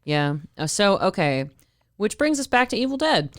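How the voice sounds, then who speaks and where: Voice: mid-range voice, sing-song, normal speed, no echo. Teasing podcast host, dry close sound. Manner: teasing, steers the talk back. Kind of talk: casual chat.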